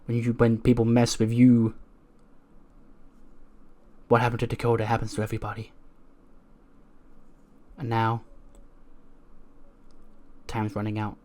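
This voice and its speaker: A man voicing a manipulative female wrestler, speaking in a hushed, low, conspiratorial way. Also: fairly even intonation, slow pace, long pauses, natural voice. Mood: scheming.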